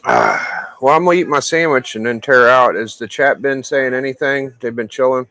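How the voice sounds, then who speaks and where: A man's voice: medium pitch, very animated, normal speed, sharp tone. Laid-back man hosting a stream. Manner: laid-back, swears casually. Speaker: streamer host. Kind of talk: casual stream chat.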